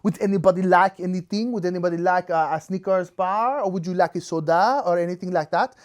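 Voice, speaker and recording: A man's voice: sits high, brisk, close to an everyday voice. A man voicing a carefree, pantsless older French woman with a put-on French accent, breezy and unbothered. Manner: breezy, unbothered, politely offhand. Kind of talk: comic impression in a story.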